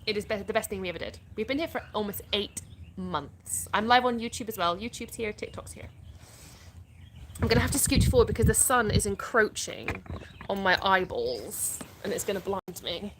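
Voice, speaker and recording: A woman's voice: medium pitch, expressive, moderate pace, noisy background. An English woman hosting a casual live stream, reading viewers' questions aloud and answering them chattily. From England (born in the US). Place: outdoors in the sun.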